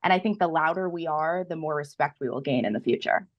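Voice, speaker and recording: A young woman with a slightly low voice speaks emphatically as a guest on a panel. She peppers her sentences with "like" as she pushes her point. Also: quick pace, muffled recording. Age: young adult. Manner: emphatic, heavy use of "like". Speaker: guest musician. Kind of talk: casual panel discussion.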